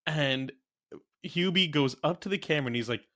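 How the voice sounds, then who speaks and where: A young adult man chats casually as a podcast co-host, recounting scenes with animated disbelief. His voice sits a bit high and comes across bright and forceful. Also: fairly quick. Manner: incredulous, animated retelling of scenes. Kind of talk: casual movie review chat.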